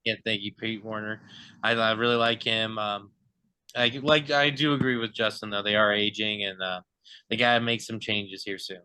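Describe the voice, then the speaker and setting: Bright-voiced laid-back young man. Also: on the low side, fairly even intonation, normal speed, clear, resonant tone. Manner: laid-back, loose, searching for words. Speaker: sports podcast co-host. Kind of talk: casual sports talk.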